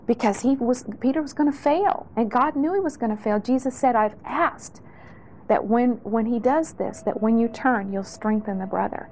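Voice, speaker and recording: A middle-aged woman speaks with earnest, heartfelt conviction as she shares her testimony, her voice sitting a little high. She circles back and restarts phrases as she goes. Faint noise hangs under the recording. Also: normal speed, darkish tone, rough recording. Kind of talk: testimony sermon.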